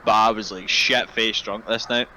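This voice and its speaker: A man's voice: on the low side, steady tone, normal speed, sharp tone, a little hiss or hum, low-quality recording. A young man, co-hosting a casual podcast and telling crude, rambling stories. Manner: rambling, laughing storyteller with crude humor. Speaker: podcast co-host. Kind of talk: casual chat.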